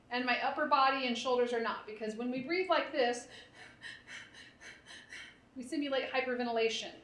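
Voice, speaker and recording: A woman therapist leads a live parent workshop, her voice high and a bit bright. She coaches conversationally and keeps checking in with "right?".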